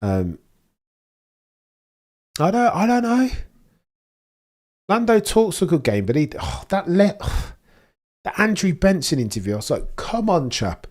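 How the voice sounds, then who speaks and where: A man's voice: high-pitched, sing-song, slow pace, long pauses, a little mellow. Opinionated man ranting on stream. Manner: opinionated, rambling, restarts mid-sentence. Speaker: livestream host. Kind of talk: casual live commentary.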